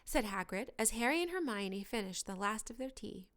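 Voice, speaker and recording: A woman narrating an audiobook chapter in a steady, even reading voice. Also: mid-range voice, normal speed, hardly any pauses. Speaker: audiobook reader.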